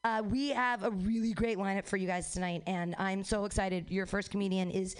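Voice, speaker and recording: A woman's voice: mid-range voice, fairly even intonation, fairly quick, clear, resonant tone. A woman hosting a comedy show from a club stage on a handheld mic, rambling and giggly, often cutting herself off mid-sentence. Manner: rambling, giggly, self-interrupting. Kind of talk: stand-up emcee banter.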